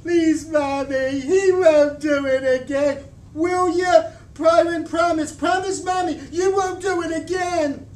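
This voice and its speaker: A man's voice: steady tone, slow pace, a little mellow. A man reading aloud, voicing a frightened young girl who begs through tears. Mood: pleading. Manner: shrill, tearful begging. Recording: roomy, from a distance, faint hiss.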